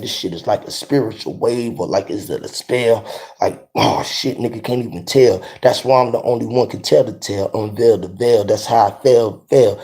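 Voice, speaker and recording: Guy rambling in his garage, low mellow voice, cussing and rhyming, keeps asking you feel me. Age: adult. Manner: rambling, profane, rhyming wordplay, repeats "you feel what I'm saying". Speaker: vlogger. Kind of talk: freewheeling motivational monologue. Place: home garage.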